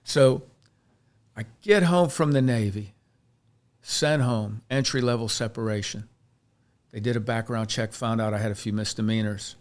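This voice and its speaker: A man's voice: lowish voice, normal speed, long pauses. A man from Pennsylvania, a chiropractor and podcast guest, telling his life story in an earnest, reflective way with frequent restarts. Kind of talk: candid personal storytelling in a podcast interview.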